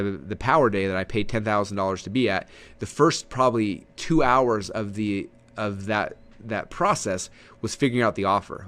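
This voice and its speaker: Fast-talking energetic man teaching. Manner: energetic, animated, swings pitch up and down; many fillers and repeated words. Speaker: webinar trainer. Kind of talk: casual teaching talk.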